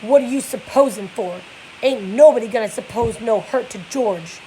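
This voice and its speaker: A woman's voice: a little high, moderate pace, warm tone, a little hiss or hum, lightly acted, rough recording. A woman reading the lines of a big, simple-minded, childlike man in a raised, anxious voice. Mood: threatening.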